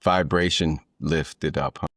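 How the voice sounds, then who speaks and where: A man's voice: rumbling low, fairly even intonation, slow, a bit bright, no echo, clean studio sound. A man hosting a podcast, talking in a laid-back, affirming way. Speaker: podcast host. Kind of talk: casual interview talk. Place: in Thailand.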